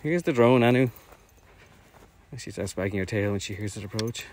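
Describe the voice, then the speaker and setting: A man's voice: on the low side, a little fast, a little mellow, slight background noise. A man chatting casually outdoors while walking, a little out of breath, rambling with many fillers as he narrates a live stream. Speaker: orchard project owner streaming drone flights. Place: outdoors in fields.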